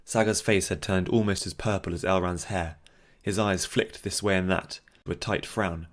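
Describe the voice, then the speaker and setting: A male narrator reads a fantasy novel aloud in a steady, measured way. His voice sits very low and deep throughout. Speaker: audiobook narrator.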